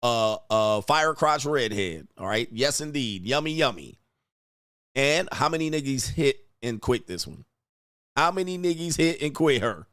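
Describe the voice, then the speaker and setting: A man's voice: mid-range voice, lively intonation, measured pace, fairly bright tone, dry recording. Sneering man in a dry booth. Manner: coarse, sneering, laughs at what he reads. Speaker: host reacting to online clips. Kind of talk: crude mocking reaction commentary.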